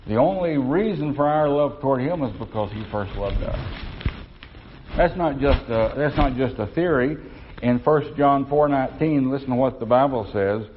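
A man's voice: a little high, dull audio, a little hiss or hum. A male pastor preaching a sermon to his congregation in a church, asking rhetorical questions as he goes.

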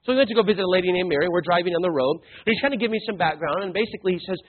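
A male preacher delivering a sermon and telling a story, emphatic, swinging between loud and hushed. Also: high-pitched, expressive, rapid-fire, hardly any pauses. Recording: tinny phone-like sound.

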